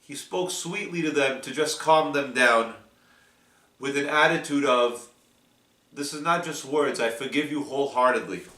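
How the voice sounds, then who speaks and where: A man giving a slow, deliberate weekly Torah portion talk, reading Hebrew verses and explaining them. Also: mid-range voice, sharp tone, echoey room, distant mic. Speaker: Torah teacher.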